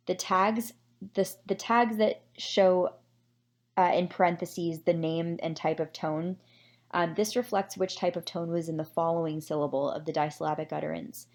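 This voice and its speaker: Lower-voiced woman presenting research. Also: a little mellow. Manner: measured, explanatory, with occasional fillers. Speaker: presenter summarizing a research paper. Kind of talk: scripted academic presentation.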